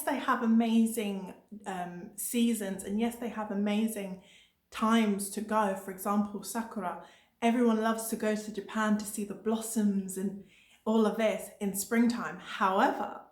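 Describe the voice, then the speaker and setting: A woman's voice: mid-range voice, measured pace. Emphatic woman vlogger, echoey room. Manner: emphatic, repetitive, motivational. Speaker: travel vlogger. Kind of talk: energetic budget travel advice.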